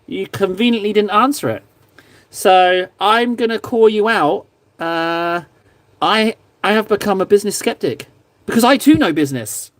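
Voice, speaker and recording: A young man hosting a livestream, chatting casually and teasing his viewers in a playful, joking way while he paints miniatures. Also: sits high. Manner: playful, teasing banter with chat. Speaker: livestream host.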